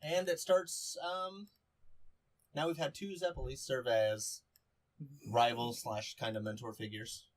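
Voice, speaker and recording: A young man co-hosting a podcast in casual chat, relaxed and offhand. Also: mid-range voice, measured pace. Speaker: podcast co-host.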